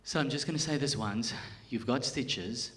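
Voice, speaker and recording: A male comedian voicing a kind male surgeon who speaks gently to calm a boy. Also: medium pitch, normal speed, lightly acted. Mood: gentle.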